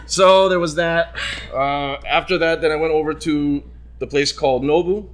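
A man hosting a show, telling a long anecdote in casual chat and acting out the people in it. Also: brisk. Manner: animated, acts out quoted voices with big jumps in pitch. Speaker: radio show host.

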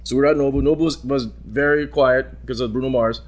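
A man hosting a show, telling a long anecdote in casual chat and acting out the people in it. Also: fast. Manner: animated, acts out quoted voices with big jumps in pitch. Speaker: radio show host.

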